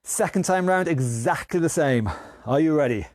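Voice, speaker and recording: A man's voice: fairly high pitch, lively intonation, moderate pace, a little mellow, no echo. A man leading a live online exercise class, encouraging and chatty, counting down moves and a little out of breath. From England. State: a bit out of breath. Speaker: fitness instructor.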